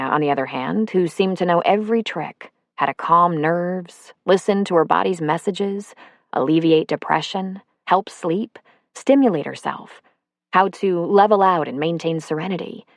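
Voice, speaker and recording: A woman narrating a novel as an audiobook, telling it in a steady, even way. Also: on the low side, moderate pace, no echo, studio quality.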